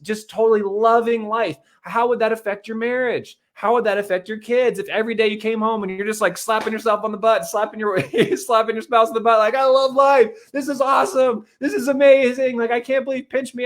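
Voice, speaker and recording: A man in his thirties giving a fast, repetitive motivational talk on money and marriage, often calling his listeners "guys.". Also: high-pitched. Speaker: host.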